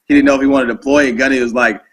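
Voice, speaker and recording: A man's voice: mid-range voice, steady tone, racing. A man telling service stories in joking, rambling casual chat, laughing often and leaning on filler words. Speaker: Marine veteran telling stories.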